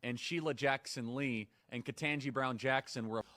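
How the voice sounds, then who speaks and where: A man's voice: mid-range voice, fairly even intonation, moderate pace, sharp tone, no echo, studio quality. A man speaking emphatically in a clip of a political talk. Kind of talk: speech clip.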